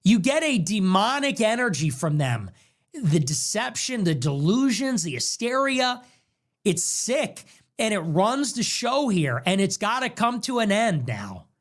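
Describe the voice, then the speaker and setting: A man's voice: sits high, sing-song, measured pace, a bit bright. A man hosting a livestream, ranting emphatically with heavy repetition, his voice strained after hours on air. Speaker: livestream host. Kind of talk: heated livestream monologue.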